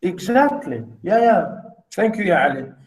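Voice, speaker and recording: A man's voice: high-pitched, big pitch swings, normal speed, low-quality recording. A man lecturing students over a video call, explaining poetic meter in a rambling way with many fillers and repeats. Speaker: university literature lecturer.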